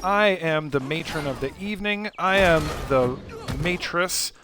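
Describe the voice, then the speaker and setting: A man's voice: a little high, measured pace, music in the background, natural voice. A man with a Midwestern accent voicing a defiant, bossy warrior daughter who makes pompous proclamations. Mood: grandiose. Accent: Midwestern American.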